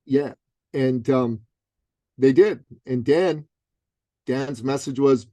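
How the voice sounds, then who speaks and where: A middle-aged man, an author and business coach, telling a punchy, animated story as a guest in an interview. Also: medium pitch, takes it slowly, pauses often, no echo. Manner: lively, punchy, acts out other people's voices.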